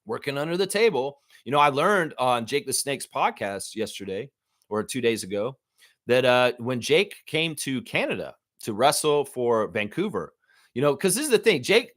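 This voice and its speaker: Animated, profane basketball ranter. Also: male voice, mid-range voice, normal speed, no room sound, studio quality. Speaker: sports stream host. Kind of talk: live sports fan commentary.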